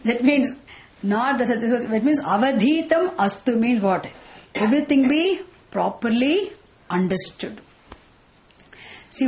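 Lady teaching a scripture class, kinda high voice, slow and asks lots of questions. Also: rough recording. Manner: slow, explanatory, with repeated rhetorical questions. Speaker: Vedanta teacher.

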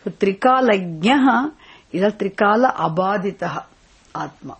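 A woman teaches a spiritual class. Her voice is husky and sits at a middle pitch. She asks her students questions and restates each point more than once. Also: lively intonation, normal speed, low-quality recording. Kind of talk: Vedanta scripture class.

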